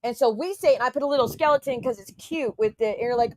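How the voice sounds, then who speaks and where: Woman streamer, indignant and foul-mouthed, talking to her chat; a little high, close and dry. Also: fast, darkish tone, no room sound. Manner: indignant, profane, talks straight to her chat. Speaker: YouTube livestreamer. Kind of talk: casual ranting livestream.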